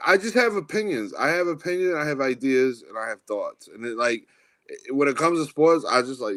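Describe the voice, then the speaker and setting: A man's voice: medium pitch, lively intonation, a little fast, fairly bright tone, no room sound. A man co-hosting a podcast who talks in a blunt, opinionated way, often ranting in casual sports chat. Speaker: podcast co-host.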